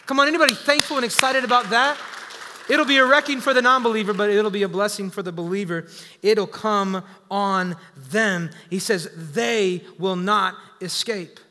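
A man in his thirties, a pastor preaching a sermon, energetic and jokey, calling for responses from the congregation. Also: high-pitched, moderate pace, big-room sound. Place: church sanctuary.

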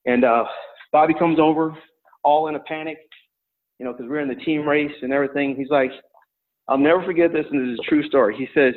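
A middle-aged man recalls his wrestling days in an easygoing, meandering way, full of ums and restarts. His voice sits at an ordinary pitch for a man. It comes through a narrow, tinny, phone-like line. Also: quick pace. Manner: relaxed, rambling storyteller with many fillers. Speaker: former college wrestler and coach. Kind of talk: storytelling in an interview.

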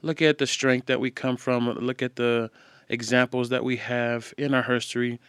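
A tired man co-hosting a podcast, talking in a relaxed, slangy, casual way. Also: medium pitch, moderate pace, clear, resonant tone, no echo, clean studio sound. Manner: relaxed, slangy, laid-back. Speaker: podcast co-host. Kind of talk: casual chat.

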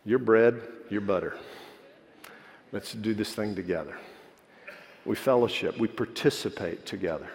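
A man preaching a sermon, moving between animated preaching and soft, quiet storytelling. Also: fairly low pitch, a little slow, vocal fry, long pauses. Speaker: pastor. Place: church sanctuary. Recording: long hall reverb.

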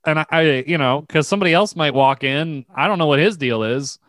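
A man's voice: a little high, a little fast, fairly bright tone, no echo. Casting: male podcast co-host, loose and giggly storyteller, dry close sound. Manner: rambling storyteller, laughs often, many restarts. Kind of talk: casual comedic chat.

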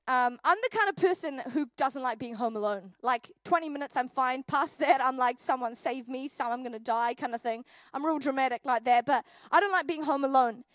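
Young nz woman pastor, high voice, jokey and dramatic, dry close sound. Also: a little fast, dry recording. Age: 20s. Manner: animated, jokey storyteller acting out scenes. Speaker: youth pastor. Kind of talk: sermon with personal story. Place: church hall.

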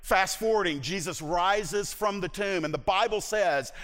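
A man's voice: high voice, measured pace, a bit bright, in a large hall. A male pastor preaching a sermon, retelling a Bible story dramatically and acting out its voices.

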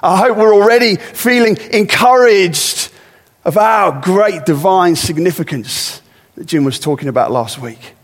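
High-voiced man preaching in a church hall. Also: unhurried. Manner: conversational preaching with rising emphatic repetitions. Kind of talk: sermon.

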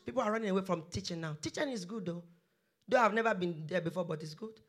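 Emphatic sermon preacher with a bright, ringing tone; repeats exhortations. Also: medium pitch, fast talker.

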